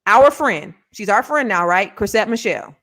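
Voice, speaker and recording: A woman's voice: mid-range voice, animated, moderate pace, fairly bright tone. A woman co-hosting a casual chat show, blunt and argumentative, often talking over her partner. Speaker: co-host.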